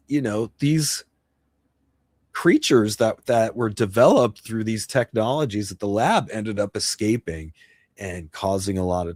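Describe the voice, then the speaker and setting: A man hosting a casual live stream, chatting in a rambling way with restarts and sudden excited bursts. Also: on the low side, dry recording. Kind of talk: casual livestream chat.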